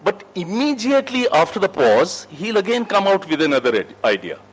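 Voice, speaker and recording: A man teaching a corporate soft skills class, emphatic and lively, who asks the group questions and answers them himself. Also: brisk, slightly rough, rough recording. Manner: emphatic, lively teacher with wide shifts in pitch and loudness. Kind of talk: classroom lecture. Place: training room with a group.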